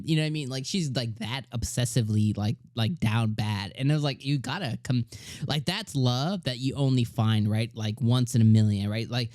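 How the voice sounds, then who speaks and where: Male anime reviewer, casual and excitable, lots of fillers and restarts, dry close sound. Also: medium pitch, moderate pace, no echo. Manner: retells scenes in slangy paraphrase. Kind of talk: casual spoken episode review.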